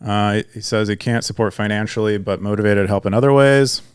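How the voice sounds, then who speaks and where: Young guy co-hosting a podcast, smooth clear voice, rambles with lots of ums and restarts. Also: lowish voice, a little fast. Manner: rambling, many restarts and fillers. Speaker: podcast co-host. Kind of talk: casual chat.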